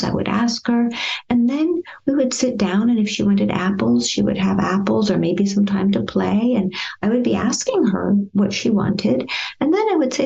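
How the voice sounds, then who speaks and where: Woman, therapist, interview guest, gentle storyteller, gravelly voice, muffled lo-fi audio. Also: mid-range voice, moderate pace. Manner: gentle, lively storyteller acting out past dialogue.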